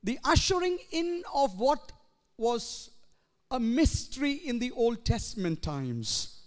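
High-voiced man preaching slowly in a hall. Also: big pitch swings. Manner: earnest preaching that builds to shouts. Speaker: pastor. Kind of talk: sermon. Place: church hall. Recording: long reverb in a church hall.

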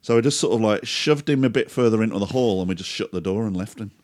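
A man with a fairly low voice, chatting casually as a podcast co-host. He swears freely, tells stories in a loose, anecdotal way and keeps slipping into quoting people. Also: quick pace, a little mellow, dry recording.

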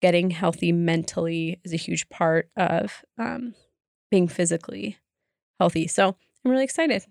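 A woman's voice: on the low side, fairly even intonation, normal speed, gravelly, a little mellow, no echo, studio quality. A young woman co-hosting a podcast, chatting casually and laughing often. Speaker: podcast co-host. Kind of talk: casual chat.

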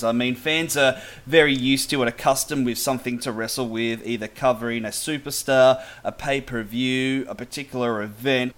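Brief: Australian male interviewer, mid-pitched, chatty, explaining, filler-heavy. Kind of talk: casual interview.

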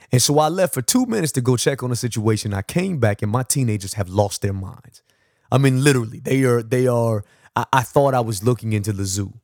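A low-voiced man with a gravelly edge tells a personal story as a podcast host, acting out the dialogue with lively energy and frequent laughs. The sound is dry and close, with no room around it. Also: no echo. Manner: animated storyteller, acts out dialogue, laughs often.

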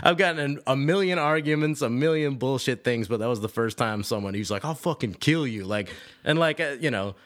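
Dj guy rambling thru a story, swears a lot, laughs a bunch, mid-pitched voice. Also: a little fast, few pauses, a bit bright. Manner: loose and profane, frequent laughs and restarts. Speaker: DJ guest. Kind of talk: casual storytelling chat.

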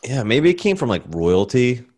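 A man's voice: mid-range voice, sing-song, moderate pace, darkish tone. A young man with a Baltimore accent, co-hosting a podcast in a blunt, laid-back way and saying "like" a lot. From Baltimore, Maryland. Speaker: podcast co-host. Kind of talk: casual chat.

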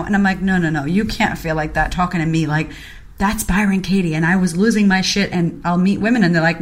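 Excitable, swearing woman host from Boston. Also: lowish voice, fast talker. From Boston, United States. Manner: excitable and expressive, swears freely, acts out her own reactions. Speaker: podcast host. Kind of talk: casual chat, animated storytelling. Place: online audio chat room.

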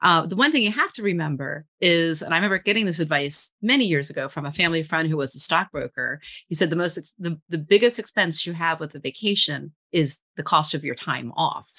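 A middle-aged woman talks as an interview guest in a low, bright voice. She rambles in an easy, chatty way, restarting sentences and laughing often. Her tone is relaxed and conversational. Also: brisk, few pauses. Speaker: guest copywriter. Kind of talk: casual interview chat.

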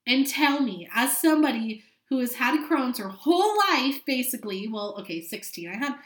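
Late-20s woman podcaster, kinda high bright voice, swears a lot while venting, echoey room. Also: expressive, normal speed. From California. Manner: frank, profane, venting with dramatic asides. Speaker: podcast host. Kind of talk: candid solo podcast monologue.

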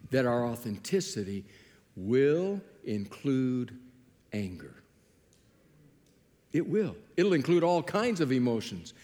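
A man preaching a sermon, telling Bible stories with lively acted-out dialogue. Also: medium pitch, long reverb tail. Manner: animated storytelling, acting out biblical dialogue. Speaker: pastor.

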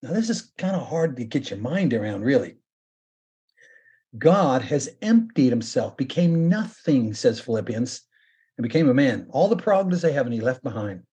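A man preaching a sermon as pastor, earnest, slowing down and lifting his voice to stress points. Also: medium pitch, very animated, mellow, breathy edge. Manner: earnest preaching that slows and rises for emphasis.

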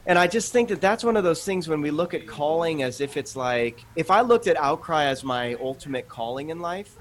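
A man in his late thirties, a guest author on a faith podcast, talking earnestly and telling animated stories with quoted asides. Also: a little high, a little fast. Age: 30s. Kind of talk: conversational interview.

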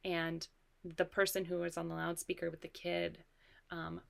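A woman's voice: on the low side, flat delivery, normal speed, vocal fry. A woman co-hosting a parenting podcast, telling stories in an earnest, reflective way. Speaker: podcast co-host. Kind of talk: casual conversation.

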